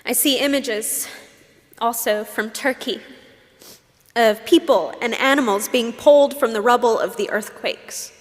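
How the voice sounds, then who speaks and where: A woman's voice: fairly high pitch, measured pace. A woman pastor giving a sermon, telling personal stories with emotion and asking reflective questions. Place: church sanctuary. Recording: long hall reverb.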